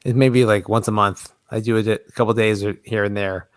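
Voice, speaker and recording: A man's voice: fairly low pitch, fairly even intonation, fairly quick, clear, resonant tone, dry recording. A man and small business owner in casual podcast chat, rambling with many restarts and self-corrections.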